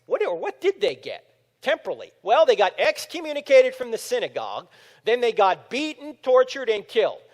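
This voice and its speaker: Man, 50s, high and lively delivery, speaking to a crowd in a reverberant hall; storyteller who acts out quotes. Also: moderate pace. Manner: animated storytelling, acting out quotes. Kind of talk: apologetics talk to a live audience. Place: large room with audience.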